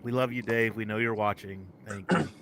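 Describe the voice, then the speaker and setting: A man co-hosting a casual live show, talking in an animated, rambling way and often correcting himself mid-sentence. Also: on the low side, brisk, slight background noise. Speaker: podcast co-host.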